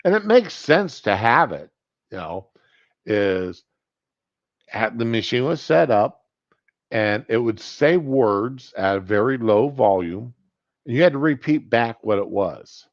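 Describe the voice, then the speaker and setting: Animated middle-aged man telling a story. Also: medium pitch, unhurried, no room sound. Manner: animated, rambling anecdote with self-corrections. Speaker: podcast host. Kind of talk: casual storytelling monologue. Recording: dull lo-fi sound.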